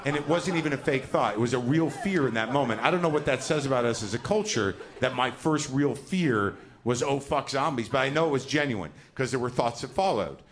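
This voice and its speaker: A man's voice: mid-range voice, expressive, brisk, hardly any pauses, noisy background. A middle-aged man doing stand-up comedy, telling a neurotic, profane, self-deprecating story on a live stage. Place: theater stage before a live audience. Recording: live stage recording with loud crowd laughter.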